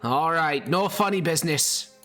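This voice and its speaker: A man voicing a gruff, hostile male dwarf who holds hostages and barks suspicious threats. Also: fairly high pitch, normal speed, sharp tone, soft background music, pitched above the performer's own voice. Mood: grudging.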